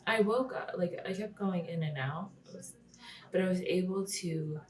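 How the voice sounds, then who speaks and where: A woman's voice: on the low side, unhurried, a little mellow, recorded from a distance, low-quality recording. A young woman talking through a casual vlog recap, chatty with lots of "like", often dropping to a whisper and swearing. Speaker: wrestling vlogger.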